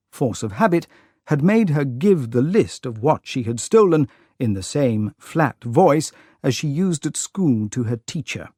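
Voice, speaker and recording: Audiobook narrator for learners: slow and clear, expressive, dry close recording. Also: mid-range voice, no room sound. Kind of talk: scripted narration for English learners.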